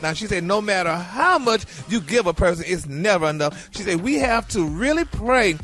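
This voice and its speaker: Male gossip reporter, high and sing-song, faint music behind. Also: lively intonation, moderate pace, fairly bright tone. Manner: chatty, says "y'all" often, sing-song. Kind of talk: gossip segment.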